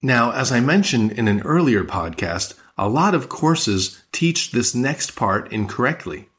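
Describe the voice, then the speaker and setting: A man teaching a podcast language lesson, patient and explanatory, slowing down on key words. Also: mid-range voice, very animated, a bit bright.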